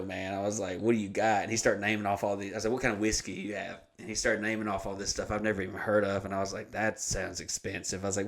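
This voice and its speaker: Profane man telling a story. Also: fairly low pitch. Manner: profane, animated, acts out quoted voices. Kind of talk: casual storytelling on a podcast.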